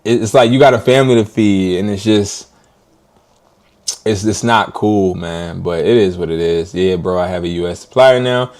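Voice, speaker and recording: A man ranting casually to his live stream viewers in an animated, slangy way, often laughing. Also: sits low, normal speed.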